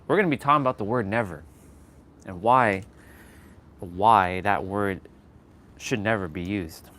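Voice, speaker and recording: A man's voice: lowish voice, a little slow, fairly bright tone, a little hiss or hum. A man live-streaming from his phone while walking outdoors, chatting casually and laughing often as he talks to his viewers. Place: outdoors on a street. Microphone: phone on a gimbal.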